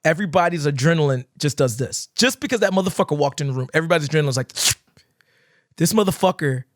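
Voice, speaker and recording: Man, dance teacher, podcast chat, animated, swears a lot, dry close sound. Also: on the high side, fast, no room sound. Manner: animated storytelling, acting out crowds and shouts, swears often. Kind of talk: casual podcast conversation.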